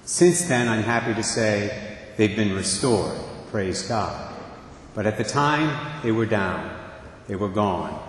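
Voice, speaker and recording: A man's voice: lowish voice, animated, slow pace, slight background noise. A middle-aged man, a priest, giving a sermon in a church in an earnest, storytelling manner. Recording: echoey church with long reverb.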